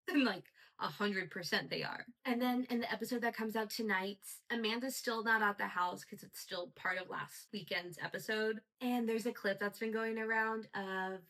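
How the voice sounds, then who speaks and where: A woman's voice: medium pitch, steady tone, normal speed, hardly any pauses, pushed and bright, low-quality recording. A woman hosting a solo podcast, talking in a chatty, gossipy way with lots of "like.". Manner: chatty, gossipy, heavy use of "like". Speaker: podcast host. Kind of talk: casual solo podcast chat.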